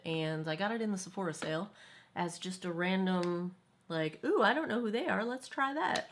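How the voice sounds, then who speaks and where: A woman beauty vlogger chatting casually through a makeup review, rambling with quick asides, filmed on a phone camera held at arm's length. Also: on the low side, a bit bright.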